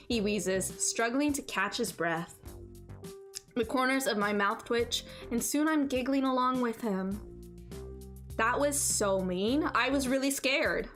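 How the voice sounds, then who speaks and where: A woman streamer reading a visual novel aloud and riffing on it, animated and playful, repeating phrases for laughs. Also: fairly high pitch, a little slow, soft background music. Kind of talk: let's-play commentary and visual novel narration.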